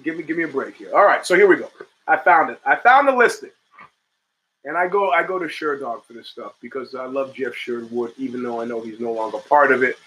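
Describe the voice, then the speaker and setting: A man's voice: mid-range voice, animated, fairly quick, fairly bright tone, poor audio. A middle-aged man hosting a talk show, rambling and swearing as he reads chat and answers it. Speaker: podcast host. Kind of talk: casual talk show monologue.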